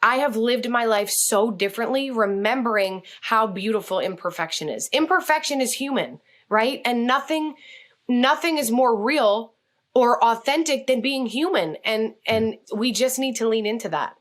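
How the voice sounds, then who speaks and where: A woman telling a story as a guest on a podcast interview, speaking in an animated, expressive way. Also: on the high side, normal speed. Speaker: guest, communication coach.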